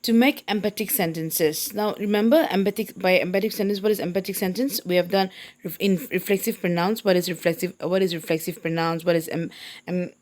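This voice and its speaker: A woman's voice: lowish voice, a little mellow. Patient woman teaching English grammar. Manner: patient, repeats points and checks understanding. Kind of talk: classroom grammar lesson.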